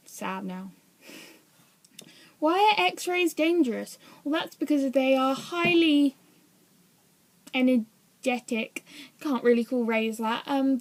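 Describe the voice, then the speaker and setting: A young woman vlogging in a casual, rambling way, often hesitant and poking fun at herself. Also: on the high side. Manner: rambling, hesitant, self-deprecating. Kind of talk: casual chat to camera.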